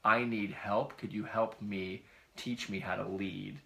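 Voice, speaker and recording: A middle-aged man with a gravelly, bright-edged voice, chatting casually as a co-host. His delivery is easygoing and rambling, with frequent restarts. His pitch sits a little on the low side. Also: fairly even intonation, measured pace. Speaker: podcast co-host. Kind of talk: casual conversation.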